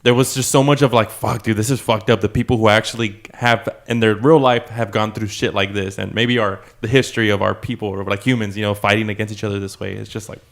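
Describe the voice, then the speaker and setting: Low-pitched man talking earnestly, halting. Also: steady tone, creaky. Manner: earnest, halting, drops to a mutter. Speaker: podcast co-host. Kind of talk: casual recap chat.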